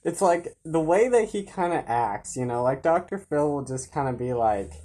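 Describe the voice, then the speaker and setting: A woman's voice: low voice, lively intonation, moderate pace, warm tone. A woman vlogger giving rambling casual commentary, full of fillers and chuckling asides.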